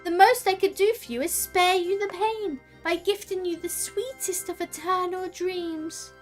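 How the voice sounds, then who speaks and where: A woman's voice: very high-pitched, a little slow, faint music behind, pitched above the performer's own voice. A woman playing a grandiose, teasing fey spirit. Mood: theatrical.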